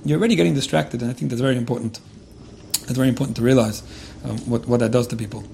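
A man's voice: mid-range voice, steady tone, racing, vocal fry, dark tone, a little hiss or hum. A man giving earnest, conversational relationship advice, often restarting his phrases and mixing in religious Jewish terms. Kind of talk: informal advice talk.

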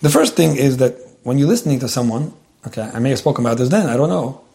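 A man's voice: medium pitch, expressive, fast, gravelly, mellow. A man giving earnest, conversational marriage advice to a couple.

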